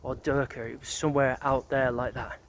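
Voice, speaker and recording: A man's voice: medium pitch, flat delivery, fairly quick, a little hiss or hum. Rambling middle-aged man outdoors. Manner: rambling, loose, full of "kind of, sort of, like", swears freely. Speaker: vlogger. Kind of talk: casual walking reminiscence. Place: outdoors walking around a residential neighbourhood.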